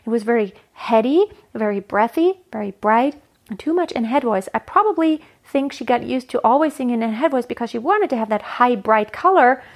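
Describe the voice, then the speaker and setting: A woman's voice: fairly high pitch, lively intonation, a little fast. A woman voice coach talking through a solo podcast episode, chatty and explanatory, often restarting mid-phrase.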